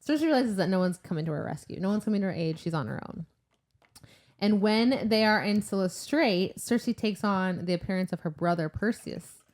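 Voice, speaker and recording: A woman's voice: medium pitch, a little fast, a little mellow. A young woman co-hosting a casual book-club podcast, retelling the plot in a chatty way with lots of "like". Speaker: podcast co-host.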